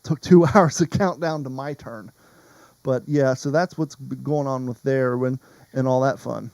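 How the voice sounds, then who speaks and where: A man's voice: mid-range voice, steady tone, measured pace, creaky, a little mellow, no echo. A man hosting a podcast in casual chat, rambling and wandering off topic. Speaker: podcast host.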